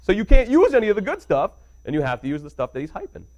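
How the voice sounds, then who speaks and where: A man's voice: sits high, wildly swooping pitch, very fast, darkish tone. A young adult man, a radio DJ, telling stories as a guest in casual interview chat, laughing often and doing playful impressions.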